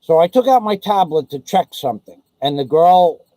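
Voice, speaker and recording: High-voiced man on a profane rant. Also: lively intonation, moderate pace, dark tone, no room sound, low-quality recording. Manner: profane, indignant storytelling. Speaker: vlogger. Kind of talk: ranting monologue.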